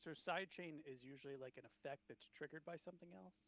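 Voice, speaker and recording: A man's voice: a little high, quick pace, fairly bright tone, highs cut off. A man co-hosting a podcast in casual chat, teasing and laughing, with some swearing. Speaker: podcast co-host.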